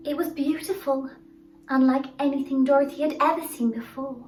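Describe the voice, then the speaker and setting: A woman telling a children's story with dramatic, expressive narration. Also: sits high, moderate pace. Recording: roomy, distant, music behind.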